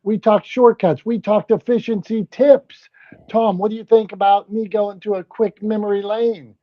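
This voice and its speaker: A man with a higher voice and a regional American accent hosts a loose, joking group chat, excitable and quick to restart his lines. His voice comes through dry but a little dull and lo-fi, as over a video call. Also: dry recording. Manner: playful, excitable, lots of restarts. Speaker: host. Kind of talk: casual podcast banter. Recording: slightly dull lo-fi sound.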